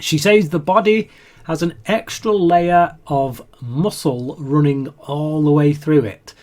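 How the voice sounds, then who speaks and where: A man's voice: on the high side, slow pace, a little mellow. A man co-hosting a podcast, recapping a TV episode in casual chat, laughing often and restarting sentences. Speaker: podcast co-host.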